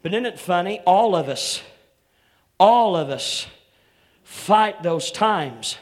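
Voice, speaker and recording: A man's voice: high-pitched, expressive. A male pastor preaching with twang. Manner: rising to loud, drawn-out shouted preaching, calling out congregation members by name; repeats "come on here" as a call to the congregation. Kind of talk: sermon.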